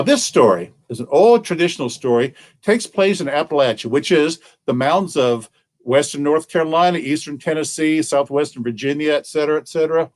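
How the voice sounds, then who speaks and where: A male children's librarian telling a story straight to camera, playful and animated, pausing to ask his young listeners questions. His fairly high voice swings widely up and down as he draws out the tale.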